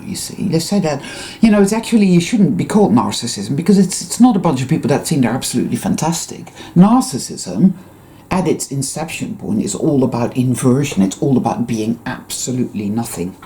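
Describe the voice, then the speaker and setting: Dark-voiced, intense spiritual vlogger woman. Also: low-pitched, animated, normal speed, a little hiss or hum. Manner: intense, profane and rambling. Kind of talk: spiritual monologue.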